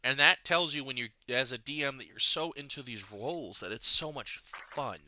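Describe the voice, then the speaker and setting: A man co-hosting a casual podcast, telling a game story as an excitable storyteller. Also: medium pitch, normal speed, slight background noise. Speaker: podcast co-host and game master.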